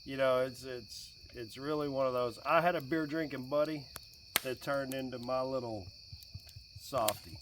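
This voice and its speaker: A man in his late forties chatting casually and jokingly by a campfire outdoors, getting animated when quoting his kid. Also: mid-range voice, moderate pace, far from the mic, noisy background. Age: 40s. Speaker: vlogger. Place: outdoors by a fire at night with crickets.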